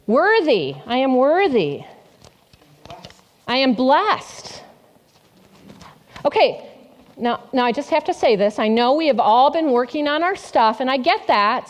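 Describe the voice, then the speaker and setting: A woman pastor giving an interactive sermon in a church, asking the congregation questions and repeating their answers back. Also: high-pitched. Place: church sanctuary.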